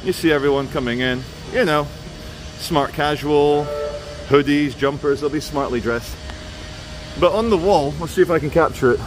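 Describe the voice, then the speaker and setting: A man's voice: a little high, moderate pace, music in the background. A man walking through city streets as he films a vlog, talking in a chatty, sardonic way with mocking asides, into a handheld camera mic. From England. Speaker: street vlogger. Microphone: handheld camera mic while walking. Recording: faint street traffic noise behind.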